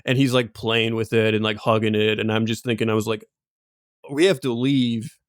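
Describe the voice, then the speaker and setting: A man's voice: lowish voice, little pitch movement, fast, clear, resonant tone, no room sound, clean studio sound. A man co-hosting a podcast, telling stories in loose, rambling casual chat full of asides and laughs. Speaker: podcast co-host.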